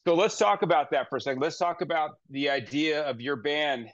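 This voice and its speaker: A man hosting an interview podcast, chatting and asking questions in a relaxed, conversational way. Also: on the high side, fairly quick, muffled recording. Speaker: podcast host. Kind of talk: casual interview chat.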